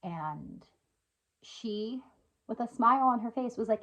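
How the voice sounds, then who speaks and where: A woman's voice: on the high side, animated, measured pace, fairly bright tone. A woman in her thirties talking earnestly and casually to camera at home, often checking in with "right?" and "you know". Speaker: vlogger. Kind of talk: casual heartfelt talk to camera. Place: at home indoors by a window.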